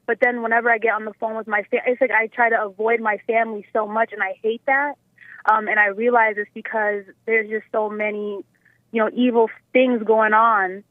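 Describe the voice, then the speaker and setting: A woman's voice: a little high, little pitch movement, fairly quick, dry recording. Emotional young woman on a tinny phone line. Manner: rambling, many fillers, laughs nervously. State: emotional, close to tears. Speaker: caller. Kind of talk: emotional phone call to a radio show. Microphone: telephone.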